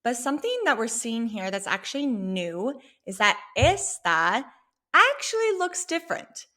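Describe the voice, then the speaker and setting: A woman teaching a Spanish lesson, explaining a sample dialogue clearly and patiently. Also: fairly high pitch, very animated, sharp tone. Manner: clear, patient, slow when modeling Spanish phrases.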